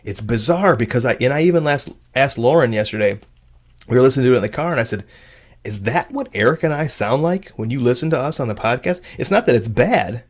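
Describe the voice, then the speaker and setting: A man's voice: mid-range voice, animated, fast. A young man from Michigan, co-hosting a casual podcast in a thoughtful, questioning way. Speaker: podcast co-host. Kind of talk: casual chat.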